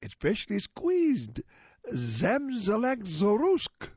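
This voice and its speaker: A man voicing excitable little storybook aliens who welcome a guest to dinner. The voice goes squeaky and high, swooping wildly and stretching out strange words. It comes through husky and muffled, like a lo-fi recording. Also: drawn-out words, no echo, full character voice. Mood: welcoming. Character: eager little aliens hosting a banquet.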